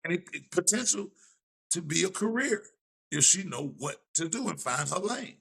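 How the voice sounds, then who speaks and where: High gravelly man talking casually. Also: lively intonation, moderate pace, bright, forceful tone. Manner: laid-back, slangy, opinionated. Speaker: talk show co-host. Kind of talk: casual podcast chat.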